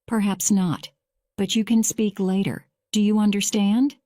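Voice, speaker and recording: A woman voicing a male judge keeping order in court, read slowly and plainly. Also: mid-range voice, fairly even intonation, dark tone, no room sound, studio quality, lightly acted. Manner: measured, slow graded-reader delivery.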